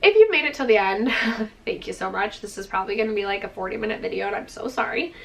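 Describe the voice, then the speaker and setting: A woman's voice: mid-range voice, expressive, quick pace, creaky, a bit bright, recorded from a distance. A woman beauty vlogger gushing enthusiastically through a product review, peppering her talk with "like" and "freaking.". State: out of breath, dry throat.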